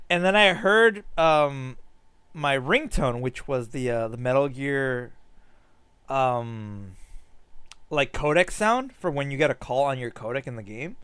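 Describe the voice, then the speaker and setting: A man's voice: medium pitch, animated, measured pace, a bit bright, smooth, no echo. A young man casually streaming a game, chatting and reading story lines aloud in a playful manner. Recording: faint music under the voice.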